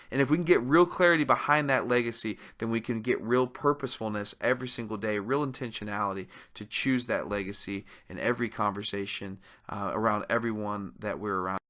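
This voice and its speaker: A man's voice: mid-range voice, pushed and bright. A man presenting a motivational webinar, speaking earnestly and posing rhetorical questions to his listeners.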